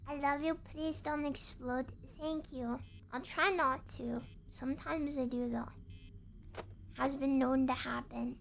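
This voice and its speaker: A woman's voice: high voice, steady tone, measured pace, vocal fry, a little hiss or hum. A woman streaming a game, chatting in a playful, goofy way and bantering with her chat. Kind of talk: casual gaming stream chat.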